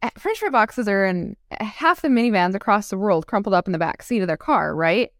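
A woman's voice: medium pitch, brisk, no room sound, clean studio sound. A woman guest on an interview, chatting casually and acting out stories with frequent laughs. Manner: animated storyteller who acts out quotes and laughs often. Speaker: guest entrepreneur.

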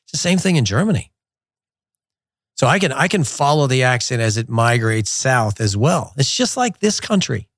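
A middle-aged man hosting a soccer show in a studio, talking in an animated, digressive and blunt way. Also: mid-range voice, moderate pace, dry recording. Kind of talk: casual opinionated talk. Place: glass-walled studio in a resort. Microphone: studio mic.

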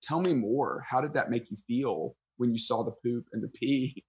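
A man, a pastor guest on a podcast, telling a story in casual conversation, self-deprecating and animated, acting out his own thoughts. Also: mid-range voice, moderate pace. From United States.

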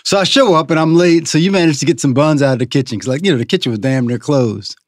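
A man from the Southern United States, a writer and food critic, talking as a podcast guest in an animated, storytelling way. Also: on the high side, quick pace, no echo, clean studio sound. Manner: animated storyteller, acts out quotes. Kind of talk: interview conversation.

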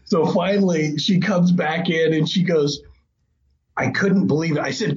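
A middle-aged man telling a hunting story casually, breaking into animated, excited quotes. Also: fairly high pitch, normal speed, dull audio, very noisy. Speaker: hunting guest.

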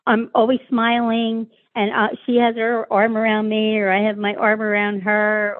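A woman's voice: fairly high pitch, completely flat delivery, moderate pace, hardly any pauses, dry recording. A woman in her sixties giving a candid, frank personal interview as a guest, speaking with many hesitations. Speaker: guest, sister of a murder victim. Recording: tinny phone-line sound, dry.

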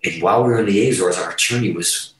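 A man guest telling a long profane story in casual chat, animated and rambling. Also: low voice, fast. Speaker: podcast guest, musician. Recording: roomy, distant mic.

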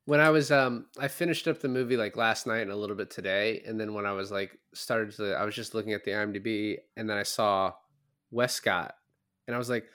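A man's voice: on the low side, steady tone, brisk, fairly bright tone, smooth. A man hosting a podcast, chatting casually and rambling with lots of filler words.

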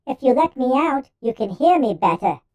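A man reading a storybook, voicing a three-inch male homunculus with a high, thin, strained voice. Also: big pitch swings, normal speed, darkish tone, exaggerated voice. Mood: reasoning.

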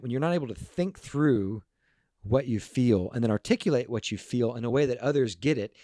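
A man speaking as a guest to a group, telling stories in an earnest, animated way and often restarting his words. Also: medium pitch, no echo, studio quality. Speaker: guest speaker on parenting and emotions. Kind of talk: casual storytelling talk to a group.

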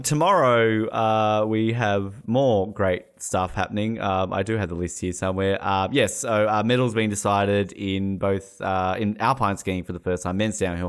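A man hosting a casual sports chat, rambling and joking with frequent laughs. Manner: rambling, jokey, laughs often, lively pitch. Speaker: podcast host.

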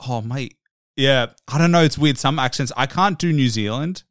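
Smooth-voiced easygoing male host. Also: medium pitch, brisk, a bit bright, no echo, clean studio sound. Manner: easygoing, agreeable, many short yeahs. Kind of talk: casual interview chat.

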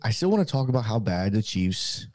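A man hosting a sports podcast, walking through game plays in a measured, casual way. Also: fairly low pitch, very animated, a little mellow, dry recording. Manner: measured, breaks down plays with restarts. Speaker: podcast host.

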